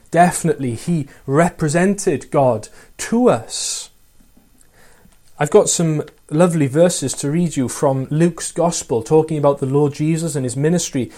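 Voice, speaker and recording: This is a sermon from a man whose warm, mellow voice sits a touch higher than most men's. Earnest in tone, he often asks his congregation rhetorical questions and pauses between them to read from scripture.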